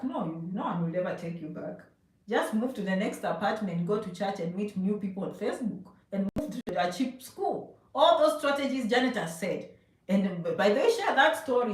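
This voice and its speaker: Woman from Zambia, high voice, emphatic live-stream motivator who keeps checking "okay?", echoey distant mic. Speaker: immigration advice streamer. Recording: echoey room, voice a bit far from mic.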